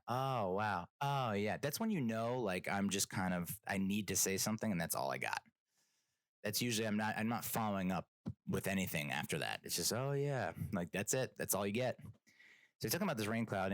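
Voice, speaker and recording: A man's voice: lowish voice, a bit bright, dry recording. A man hosting a solo comedic podcast, telling a rambling, self-deprecating story with exasperated asides. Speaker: podcast host.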